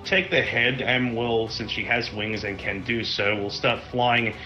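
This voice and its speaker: Excited player, bright voice, a bit muffled. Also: male voice, medium pitch, a little slow, soft background music. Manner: enthusiastic, swearing, thinking aloud. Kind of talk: casual chat while playing a tabletop game.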